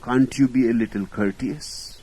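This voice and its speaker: A man's voice: medium pitch, steady tone, moderate pace, warm tone, breathy edge, natural voice, rough recording. A man voicing a dying middle-aged man who pleads and questions indignantly.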